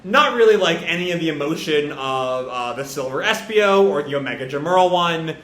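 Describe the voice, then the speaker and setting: A man rambles through a casual live reaction to a comic, with plenty of fillers. His voice sits a little high and sounds bright. The recording has a roomy echo. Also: animated, moderate pace, a little hiss or hum. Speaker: comic reviewer.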